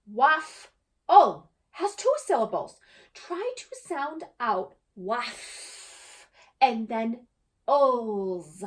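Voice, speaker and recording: Lady playing a patient little schoolgirl, slow careful explaining, bright high voice. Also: big pitch swings, heavily acted. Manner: explaining slowly, syllable by syllable. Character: helpful young schoolgirl, patient.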